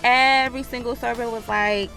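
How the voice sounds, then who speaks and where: A woman's voice: on the high side, steady tone, normal speed, vocal fry, a bit bright, faint music behind. A woman vlogger, telling a storytime with profanity and acted-out quotes. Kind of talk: storytime vlog.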